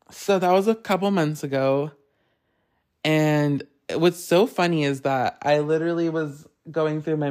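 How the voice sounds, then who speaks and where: A podcast host tells a story in an easy, casual solo chat. The delivery is animated and full of laughter, with plenty of swearing, at a middle pitch.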